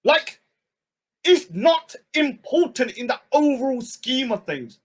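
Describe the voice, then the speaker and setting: A man hosting a live stream, ranting and mocking, swinging between shouts and low mutters. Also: sing-song, slow, breathy edge.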